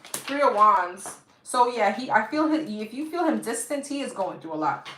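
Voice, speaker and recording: On this live-stream tarot reading, the woman speaks at a moderate pace with a fairly high, slightly bright voice and lively intonation. Chatty and casual, she has a New York accent and addresses her audience as "girl" and "guys." Her phone mic picks up an echoey room and faint hiss.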